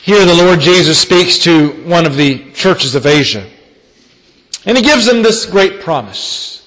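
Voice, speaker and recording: The preacher is animated yet unhurried as he reads scripture and recounts it dramatically, his pitch and volume swinging widely. His voice echoes with long hall reverb.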